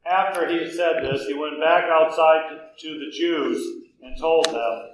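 A man narrating scripture in a steady, solemn, measured reading. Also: on the high side. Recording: very echoey room, faint noise.

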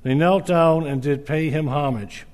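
A man reads scripture aloud at a measured, earnest pace, his voice fairly high for a man. A long reverb from the hall follows every line. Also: a little mellow. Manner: measured, earnest, with small slips. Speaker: scripture reader. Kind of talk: scripture reading.

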